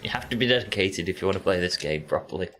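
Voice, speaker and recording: A man's voice: deep voice, expressive, quick pace, fairly bright tone, a little hiss or hum. A man casually commenting on his gameplay, joking and talking to his chat as he plays. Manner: chatty, jokey, talks to chat while playing. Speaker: streamer.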